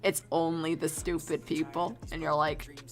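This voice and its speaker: A woman's voice: low voice, level tone, unhurried, soft background music. A young woman chatting casually while she draws on stream, rambling, giggling and swearing offhand. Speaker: streamer drawing a storyboard. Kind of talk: casual chat while drawing.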